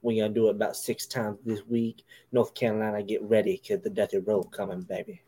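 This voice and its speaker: A man's voice: lowish voice, level tone, fairly quick, warm tone, slight background noise, voice pushed down, close to an everyday voice. A man putting on a drawling, swaggering old-school wrestling promo voice, calling everyone baby.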